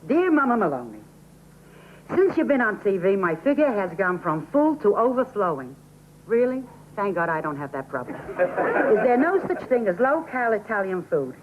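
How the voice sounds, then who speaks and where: A woman's voice: mid-range voice, big pitch swings, normal speed, noisy background, natural voice. Actress as an older New mama cooking host, motherly chatter, thin phone-like audio. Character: warm old Italian-American grandmother cooking-show host. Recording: tinny old broadcast audio.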